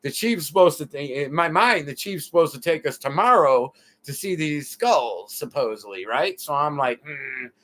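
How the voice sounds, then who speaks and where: A man from the United States, a guest in an interview, telling his story in an animated, casual way. He swears freely and keeps adding "you know what I mean" asides. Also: a little high, moderate pace, hardly any pauses. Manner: animated, profane, lots of filler asides.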